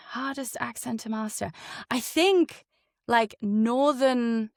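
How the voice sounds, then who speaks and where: A woman voice actor as a guest in a casual interview, talking quickly and playfully, with lots of fillers and restarts. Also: fairly high pitch, no room sound, studio quality.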